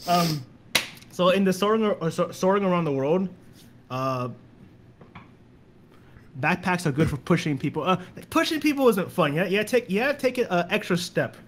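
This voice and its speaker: A man's voice: high voice, sing-song, moderate pace, pauses often, slight background noise. A young man telling stories in a casual podcast chat, rambling and repeating words as he goes. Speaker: guest.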